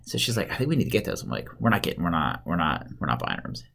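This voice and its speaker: A man in his thirties with a low voice tells rambling stories in a casual chat. His pitch swings widely as he acts out other people's lines, and he keeps breaking into laughter. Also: sing-song, racing, creaky, a bit bright. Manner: rambling storyteller, laughs often.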